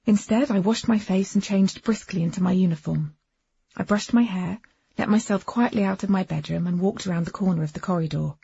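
Very husky woman narrating. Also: mid-range voice, a little fast, no room sound, lo-fi sound. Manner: expressive, lively first-person storytelling. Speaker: audiobook narrator. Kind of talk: first-person audiobook narration.

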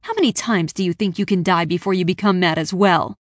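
A woman's voice: on the low side, brisk, no echo, studio quality, natural voice. Woman voicing a cold, commanding stranger. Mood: threatening. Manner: unsympathetic, commanding, forceful. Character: cold, menacing shadowy young woman stranger. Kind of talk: audiobook character voice.

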